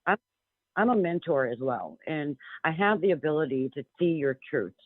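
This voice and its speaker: Calling into a radio show by telephone, a psychic medium guest talks bluntly and with emphasis, often restarting. Her low voice is very animated, slightly rough, and at normal speed, heard without echo over a tinny phone line.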